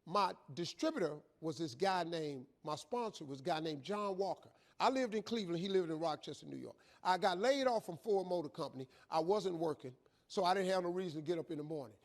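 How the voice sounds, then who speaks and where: A man telling a motivational story in a high, lively voice. He is colloquial and animated, and he acts out each exchange. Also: a little fast. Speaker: motivational speaker. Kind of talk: storytelling speech.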